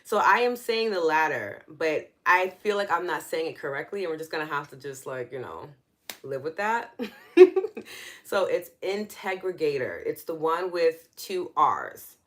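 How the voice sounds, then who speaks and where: A woman's voice: low-pitched, very animated, moderate pace. A woman with a New York accent hosting a live online teaching session, explaining earnestly in a conversational way and responding to viewer comments. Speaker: EFT session host.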